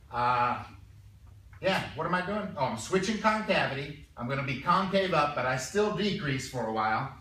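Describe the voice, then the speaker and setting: A man teaching a calculus class, chatty and stumbling over repeated words, clearing his throat now and then. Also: fairly high pitch, lively intonation, moderate pace, sharp tone, a little hiss or hum. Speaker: math teacher. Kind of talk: classroom lecture. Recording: echoey room, mic far off.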